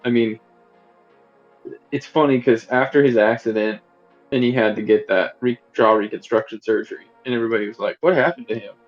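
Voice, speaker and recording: A man's voice: medium pitch, fairly even intonation, brisk, dull audio, soft background music. A man co-hosting a podcast, chatting casually about a film in a rambling way with many fillers and restarts. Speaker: podcast co-host.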